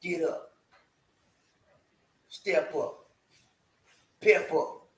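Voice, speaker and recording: A man's voice: fairly high pitch, very slow, reverberant, poor audio. A man hosting a casual live stream, playful and talkative, hyping his viewers with slangy call-and-response chants. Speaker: livestream host. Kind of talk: casual livestream chat.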